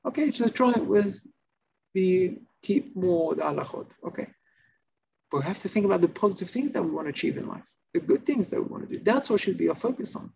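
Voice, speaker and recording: A male rabbi giving an informal Torah class, telling stories and acting out the shouting characters. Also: high-pitched, brisk, creaky. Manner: animated storytelling, acts out shouting characters. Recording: slightly muffled recording with faint noise.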